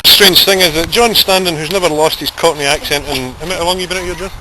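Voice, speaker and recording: A man's voice: fairly high pitch, quick pace. A Scottish man in his forties narrating a casual travel vlog outdoors with chatty, teasing humour. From Scotland. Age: 40s. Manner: jokey, chatty, teasing banter. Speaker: vlogger. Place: outdoors in a city and a large grassy garden. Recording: outdoor camcorder audio with clear background noise.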